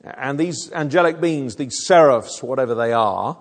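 A man's voice: mid-range voice, lively intonation, normal speed. A man preaching a sermon, explaining a passage in an earnest way, often restarting his sentences. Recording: long reverb of a hall.

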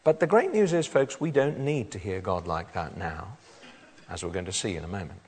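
A man's voice: deep voice, animated, normal speed, darkish tone, husky. A man preaching a sermon, reading scripture aloud and then explaining it to his congregation. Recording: long hall reverb.

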